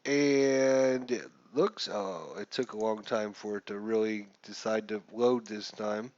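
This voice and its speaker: Slow-talking man narrating his game. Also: fairly low pitch, fairly even intonation, a little mellow, no echo, dull audio. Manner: chatty, thinks aloud, mutters rules while rolling. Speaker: gamer playing a baseball sim. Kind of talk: casual gameplay commentary.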